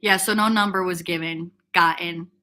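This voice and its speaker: A woman's voice: lowish voice, fairly even intonation, moderate pace, bright, forceful tone, a little hiss or hum. A young woman from upstate New York, hosting a casual fitness livestream and telling a rambling, gossipy story packed with "like" fillers, and answering chat comments.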